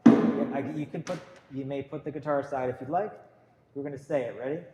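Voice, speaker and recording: Speaking fast in a mid-range voice, this music teacher runs a guitar lesson, counting out beats and naming note letters that the class says back together. The room echoes, and there's a faint hum of noise.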